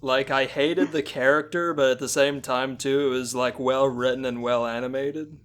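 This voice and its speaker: A man's voice: mid-range voice, steady tone, moderate pace, fairly bright tone, faint music behind. A man co-hosting a comedy podcast, chatting casually and riffing on the story with a chuckle. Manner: laid-back, chuckling, riffs on the story. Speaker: podcast co-host.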